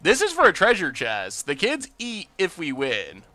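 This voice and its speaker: A man hosting a live game stream, thinking out loud about his plays and bursting into loud cheers when things go his way. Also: sits high, huge pitch swings, normal speed, no echo, faint music behind. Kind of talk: live gameplay commentary.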